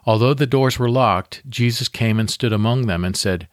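A man hosting a devotional podcast, leading a guided meditation and prayer in a calm, measured, deliberate way. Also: mid-range voice, no echo, studio quality.

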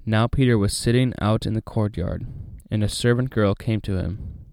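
A man reading a Bible passage aloud and then talking it over in a relaxed, chatty way with many fillers. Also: on the low side, moderate pace, vocal fry, dry recording, studio quality. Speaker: Bible study host. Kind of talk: casual Bible reading and commentary.

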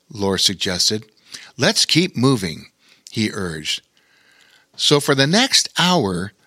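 Slow, expressive male storyteller. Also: medium pitch, no echo, studio quality. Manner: expressive, unhurried. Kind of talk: children's story narration.

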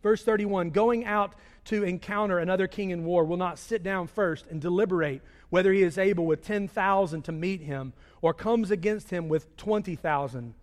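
A man preaching a sermon, swinging between loud raised delivery and hushed low passages. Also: normal speed, few pauses. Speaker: pastor. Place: church sanctuary. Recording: long reverb of a large hall.

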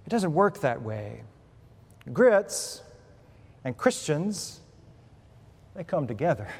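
A man preaching a sermon as pastor, telling a humorous story with lively shifts in loudness and pitch. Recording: preached in a hall with long reverb.

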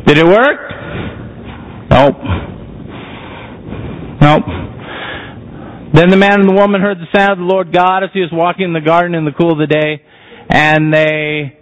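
A man preaching a sermon, emphatic and posing rhetorical questions to the congregation. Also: fairly high pitch. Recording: muffled lo-fi sound.

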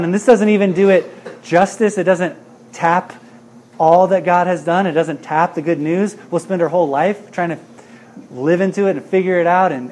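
A man's voice: on the high side, a little mellow, a little hiss or hum. A middle-aged man preaching a sermon as a pastor, talking in an earnest, conversational way and often asking "right?".

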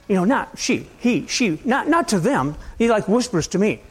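A male pastor with a fairly high voice preaches a casual, rambling sermon. His pitch leaps up and down as he asks his listeners question after question, now loud, now soft. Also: animated, a little fast. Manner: conversational, asks the audience many questions.

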